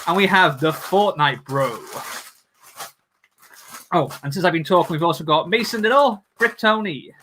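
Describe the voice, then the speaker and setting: A man's voice: a little high, normal speed, long pauses, pushed and bright, slight background noise. A man hosting a casual livestream, chatting and joking with viewers as he builds. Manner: jokey, chatty, talks to viewers. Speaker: livestream host.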